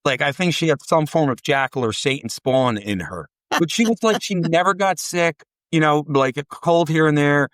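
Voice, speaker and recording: Profane, animated man telling stories. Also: fairly high pitch, normal speed, few pauses, no room sound. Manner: rambling, profane, animated storytelling with quoted dialogue. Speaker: podcast guest. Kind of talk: casual storytelling chat.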